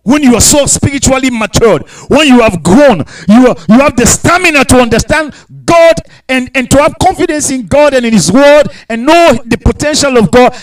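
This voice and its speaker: Emphatic high-voiced male preacher. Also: rough recording. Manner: emphatic, repetitive preaching with sudden shouts and hushed asides; speaks in tongues between points. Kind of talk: sermon.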